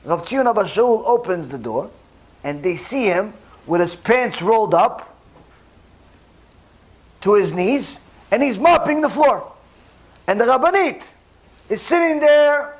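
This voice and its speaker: Sex: man. Role: rabbi. Style: sermon storytelling. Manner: animated, emphatic. Pitch: high. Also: normal speed, long pauses. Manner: animated, rising in pitch and volume at key points.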